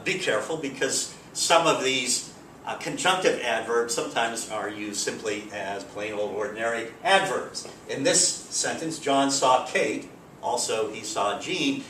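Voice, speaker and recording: A man teaching a grammar lesson in a relaxed, explanatory way with frequent fillers, recorded from a distance. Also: mid-range voice. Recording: roomy, distant mic, faint background hiss.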